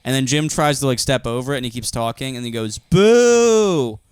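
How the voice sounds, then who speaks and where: A young man co-hosting a casual podcast, deadpan and dry, breaking into laughter as he tells stories. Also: mid-range voice, quick pace, clean tone, no room sound. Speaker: podcast co-host. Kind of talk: casual chat.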